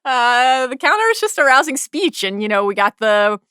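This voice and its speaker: A woman co-hosting a TV recap podcast in casual chat, animated, with quick asides and restarts. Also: high voice, clean tone, no room sound, studio quality. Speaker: podcast co-host.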